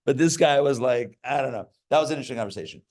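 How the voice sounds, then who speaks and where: This rabbi's mid-range, darkish voice moves very fast as he leads a relaxed Torah class for a live audience. He rambles into stories and jokes, filling his talk with fillers and frequent restarts.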